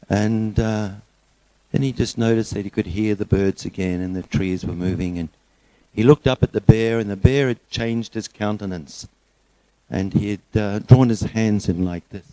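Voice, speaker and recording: A middle-aged man preaching a sermon, telling a joke story in a relaxed way before turning earnest. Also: sits low, normal speed, dry recording, low-quality recording.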